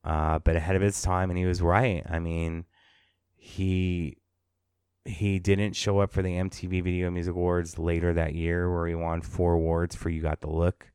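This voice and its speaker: Deep-voiced man in casual podcast chat. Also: a little mellow, clean tone, dry recording, studio quality. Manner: chatty, sarcastic asides. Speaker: podcast host. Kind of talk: casual pop-culture chat.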